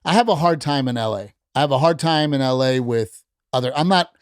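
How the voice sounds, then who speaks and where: A man's voice: mid-range voice, lively intonation, fairly quick, smooth, no room sound, studio quality. A man who is a comedian guest on a podcast, chatting animatedly, swearing freely and acting out quotes. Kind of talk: casual chat.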